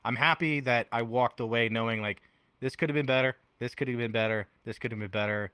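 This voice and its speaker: Young male podcast guest, bright and lively, animated storyteller, dry close sound. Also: fairly quick, smooth, dry recording. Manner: animated storyteller, acts out quotes with big pitch jumps. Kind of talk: casual chat. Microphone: headphones on.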